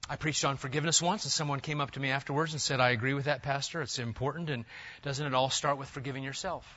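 A man's voice: medium pitch, steady tone, fast, bright, forceful tone. A man preaching a sermon as pastor, building his points in emphatic rising lists. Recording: dull lo-fi sound.

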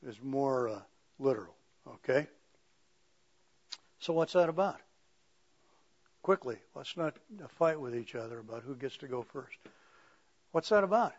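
A man preaching a conversational sermon, reading scripture slowly and with emphasis, then talking it over plainly with the congregation in a church. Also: mid-range voice, muffled recording. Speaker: pastor. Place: church sanctuary with pews.

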